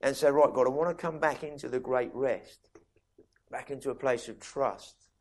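A man voicing God as a patient, calm male deity, gentle and unhurried in a sermon. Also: medium pitch, natural voice.

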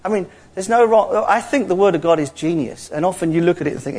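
A man preaching a sermon in an animated, playful way, acting out little dialogues as he teaches. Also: high voice, fast talker, hardly any pauses.

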